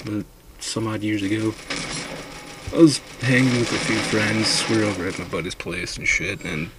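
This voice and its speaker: A man's voice: on the low side, fairly even intonation, normal speed, background noise. A man casually telling a drunken ghost story, rambling and swearing a lot.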